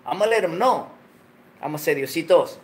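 A man's voice: fairly high pitch, moderate pace, fairly bright tone. A man hosting a late-night livestream, talking casually, full of slang and profanity and joking between laughs. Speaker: livestream host.

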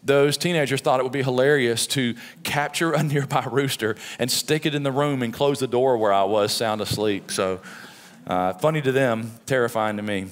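A middle-aged pastor preaching a sermon in a conversational, storytelling way, with frequent "right?" asides. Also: male voice, mid-range voice, moderate pace. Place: church sanctuary. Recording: long reverb of a church hall.

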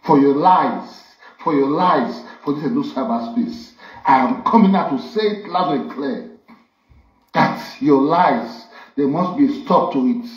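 A man's voice: on the high side, measured pace, distant mic. A Nigerian man issuing threats and accusations in a video clip. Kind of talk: angry video message. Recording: echoey dull video clip.

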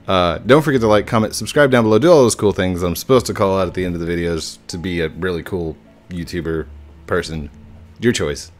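A young man giving chatty, playful gameplay commentary as a YouTuber, laughing often. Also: a little fast. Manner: playful, chatty, laughs often, squeaky put-on voices when quoting. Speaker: gaming YouTuber. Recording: faint game music behind.

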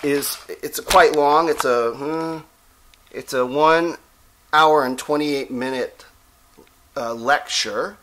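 A man giving a rambling, digressive vlog talk as a self-styled reverend, often pausing to check in with listeners. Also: on the high side, fairly bright tone. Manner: rambling, digressive, with frequent "okay?" check-ins. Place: Texas.

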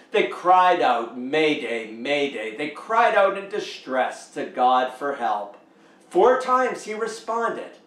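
Slow, animated Canadian preacher in an echoey church. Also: male voice. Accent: Canadian English. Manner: slow, emphatic preaching with rising, lively pitch. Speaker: pastor. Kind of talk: sermon. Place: church sanctuary. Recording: echoey church room, mic at a distance.

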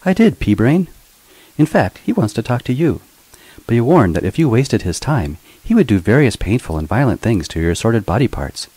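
A man's voice: mid-range voice, very animated, normal speed, mellow, husky, dry recording, pitched above the performer's own voice, poor audio. A man voicing a snarky robot sidekick with a mocking, teasing manner, in a storybook reading.

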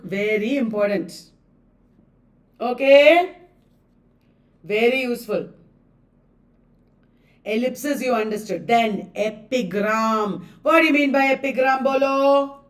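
A woman's voice: a little high, recorded from a distance. A woman with an Indian English accent teaching a live online class, emphatic, repeating key phrases and checking that students understood.

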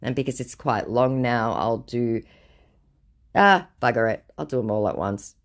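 A woman's voice: a bass voice, a little slow. A woman hosting a scambaiting channel, reading chat logs aloud with dry, sardonic, offhand commentary.

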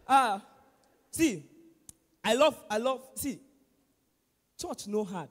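Loud Nigerian comedian in echoey church hall. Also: male voice, extremely high pitch, extremely slow, pauses often. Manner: loud, animated, acts out exchanges with pastor. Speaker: stand-up comedian at a church service. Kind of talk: stand-up comedy in Nigerian Pidgin and English. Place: large church auditorium. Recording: echoey hall with long reverb.

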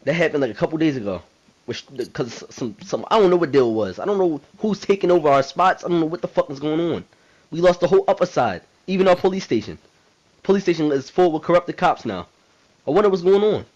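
A man's voice: a little high, lively intonation, fast, darkish tone, dull audio. A man voicing a brash, hot-tempered male president in a video game role-play drama, rambling in profane street slang. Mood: worried.

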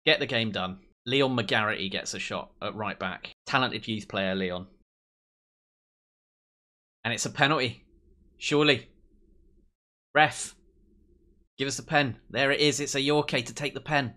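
A young man commentating on his own football management game, excitable, cheering his team and mocking rivals. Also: medium pitch, measured pace, pauses often. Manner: excitable, swears and mocks players. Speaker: let's play host.

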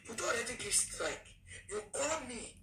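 A woman's voice: a little high, very animated, moderate pace, crowd noise. A woman with a Nigerian accent, a content creator, ranting in an aggrieved way and repeating her questions. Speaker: content creator in a played clip. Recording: echoey, distant clip with faint noise.

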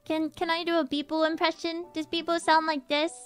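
A woman's voice: extremely high pitch, level tone, a little fast. A woman streamer in casual chat, rambling, giggling and gushing about her friends, often putting herself down.

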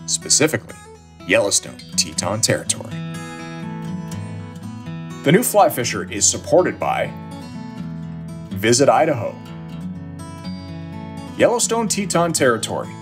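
A male show host reads a scripted outro with a lively, swinging pitch and an upbeat delivery. Soft music plays faintly beneath him.

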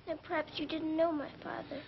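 A woman's voice: high-pitched, flat delivery, brisk, a little hiss or hum. A young girl speaking politely and earnestly in a 1930s film. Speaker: little girl lead in a film. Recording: dull old film soundtrack.

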